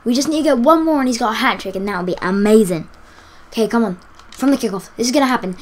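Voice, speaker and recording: A woman giving live commentary on a football video game, excitable, cheering and groaning as the play unfolds. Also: on the high side, fast. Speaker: gaming YouTuber.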